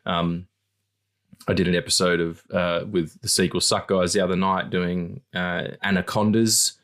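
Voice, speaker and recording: A man co-hosting a podcast, rambling in casual chat, swearing freely and acting out quotes in squeaky voices. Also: flat delivery, moderate pace, a bit bright. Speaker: podcast co-host.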